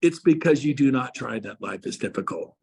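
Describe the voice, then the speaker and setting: A man's voice: mid-range voice, animated, a little fast, gravelly, a little mellow, husky. A man, a real estate coach, giving an emphatic motivational speech to agents and firing rhetorical questions at them. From Texas.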